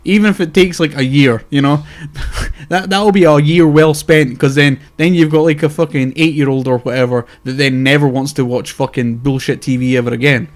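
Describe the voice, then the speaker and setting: A man in relaxed podcast banter. His voice sits a touch high, and he talks with lively energy, dropping swear words and the odd laugh as he argues a point. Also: moderate pace, few pauses. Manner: animated, swears often, laughs. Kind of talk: casual chat.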